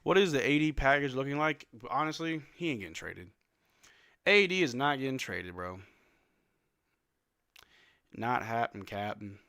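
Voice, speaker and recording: A man with a bright, forceful tone hosts a live watch-along stream late at night. He calls the plays in a blunt, casual way, slipping into flat dismay and then shouting out. The close mic keeps his voice dry. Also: medium pitch, normal speed, pauses often, clear, resonant tone, no room sound. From New Zealand. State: yawning, sleepy late at night. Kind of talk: casual play-by-play and chat.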